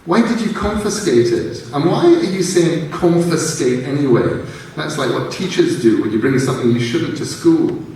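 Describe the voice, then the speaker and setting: A man's voice: a little high, expressive, normal speed, darkish tone, voice pushed up. A bold, impatient young woman talks urgently and presses her point, as a man puts her on. The voice is distant and echoes through a large hall, with faint background noise. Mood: chatty. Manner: urgent, insistent, raised voice. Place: large theatre stage, live.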